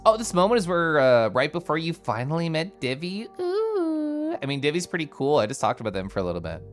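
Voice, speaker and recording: A young man from the United States, an energetic streamer chatting casually with his viewers and answering chat, with frequent laughs and asides. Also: a little high, fast, soft background music. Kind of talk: casual live-stream chat, reading chat aloud.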